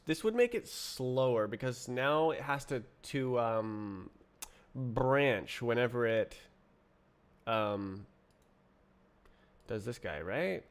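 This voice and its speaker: A man streaming himself writing code, muttering to himself, puzzled and halting, with keyboard typing behind him. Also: mid-range voice, clean tone. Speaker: streamer coding live. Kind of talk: casual livestream coding chat.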